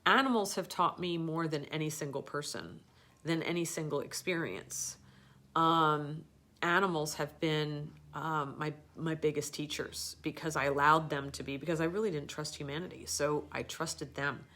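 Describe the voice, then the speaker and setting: Middle-aged female host with a low voice; loose, rambling storyteller. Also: fairly even intonation, moderate pace, a bit bright. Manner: rambling, with many fillers and restarts. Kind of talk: casual storytelling on a live show.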